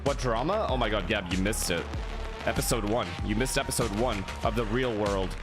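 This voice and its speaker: A man's voice: fairly low pitch, fairly quick, music in the background. A man streaming and casually chatting with viewers in laid-back slang over a match broadcast. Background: broadcast audio playing.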